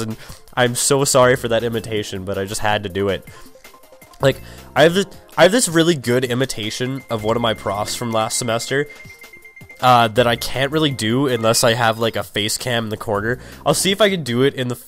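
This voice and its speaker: A man's voice: medium pitch, fast, a bit bright. A young man rambling through casual gaming commentary, profane and over-caffeinated, with sudden raging outbursts. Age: young adult. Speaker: let's play commentator. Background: game music.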